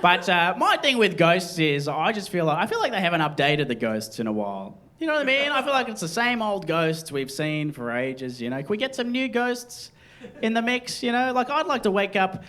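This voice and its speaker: A man's voice: high-pitched, normal speed. A young man performing a rambling, self-deprecating stand-up comedy set at a live venue. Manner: rambling, self-deprecating, lively delivery to a laughing crowd. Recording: live show, audience laughter behind.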